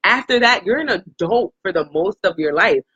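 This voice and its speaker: A young woman talks in a husky voice whose pitch swings widely. She co-hosts an animated casual chat and keeps chiming in with agreement. The recording is dry and dull. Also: moderate pace, no echo. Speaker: co-host.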